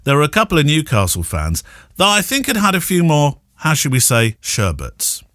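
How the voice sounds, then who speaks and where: On a podcast he co-hosts, a man with a fairly high voice chats casually at a moderate pace, spinning jokey stories with animation and laughing frequently. The recording is dry and of studio quality.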